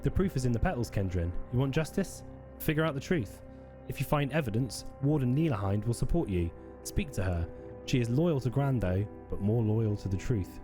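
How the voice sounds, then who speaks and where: A man's voice: medium pitch, expressive, normal speed, few pauses, music in the background, natural voice. A man voicing an earnest warrior villager, speaking with urgent emphasis in a raised voice.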